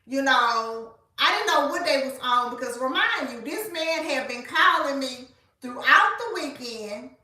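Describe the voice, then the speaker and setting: A woman, telling a story in a casual, animated way and speaking straight to her listeners. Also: sits high, unhurried, far from the mic. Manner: animated, colloquial, addresses listeners as y'all. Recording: echoey room, voice off-mic.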